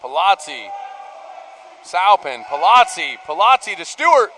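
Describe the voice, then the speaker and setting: Excitable male water polo commentator. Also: a little high, a little slow, slight background noise, low-quality recording. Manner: excitable, rises to shouts on big plays. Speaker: play-by-play commentator. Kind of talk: live sports commentary. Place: poolside at an indoor arena.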